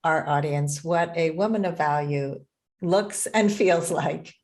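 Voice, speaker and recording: Lower-voiced woman hosting a podcast. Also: slow, darkish tone. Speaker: podcast host. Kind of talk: casual interview.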